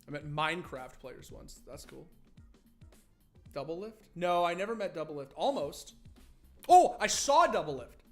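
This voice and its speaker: High-voiced chatty male streamer. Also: animated, moderate pace, long pauses, faint music behind. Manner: chatty, rambling, swears freely. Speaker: streamer hosting a watch party. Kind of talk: casual livestream chat to viewers.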